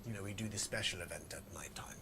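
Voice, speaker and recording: A man voicing a male courtroom judge who speaks slowly and low, almost in a whisper, in a comedy sketch. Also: noisy background. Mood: solemn. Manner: slow, low, half-whispered.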